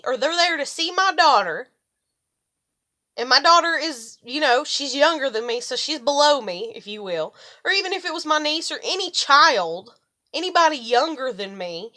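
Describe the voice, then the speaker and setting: A middle-aged woman rambles to camera in a casual, profane vlog. Her voice sits a little high, and she grows loud and animated when she retells a quarrel. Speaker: vlogger.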